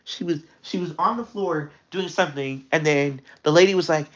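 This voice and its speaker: A young man chats on a livestream with a bright, forceful voice that sits a little high. He tells his story in an animated, exasperated way, his pitch jumping up often. The audio is dull and lo-fi. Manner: animated, exasperated retelling with quick pitch jumps. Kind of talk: casual storytelling chat.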